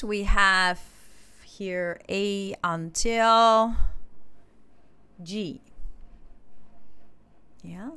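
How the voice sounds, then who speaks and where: A woman's voice: lowish voice, bright, forceful tone, clear, resonant tone. A woman with an Indonesian accent, patiently teaching an English class step by step, with frequent filler sounds as she explains. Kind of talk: classroom instruction.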